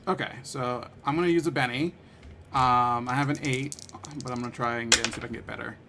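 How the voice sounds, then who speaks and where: A man playing a tabletop game, talking quickly and casually, often laughing. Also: medium pitch, steady tone, very noisy. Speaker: player.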